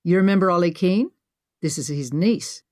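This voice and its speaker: A woman's voice: on the low side, normal speed, darkish tone, no echo, natural voice. A woman voicing a wry, teasing adventurer man with a dry sense of humor.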